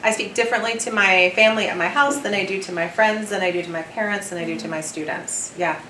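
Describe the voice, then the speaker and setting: A woman with a Southern US accent gives a lively university lecture and chats with her audience, laughing often. She sounds distant, picked up from across an echoey lecture hall. Faint background noise sits under her voice. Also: medium pitch, quick pace. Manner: chatty, animated, laughs often. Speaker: theatre professor giving a lecture.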